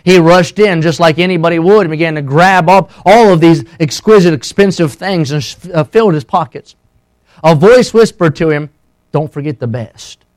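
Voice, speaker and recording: Man, pastor, fervent sermon delivery, fairly high voice, loud-to-hushed swings.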